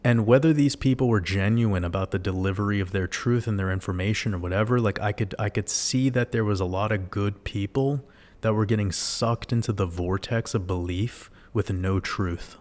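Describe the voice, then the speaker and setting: Man, low voice, livestream host, casual monologue, rhetorical questions, swears freely. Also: normal speed, darkish tone.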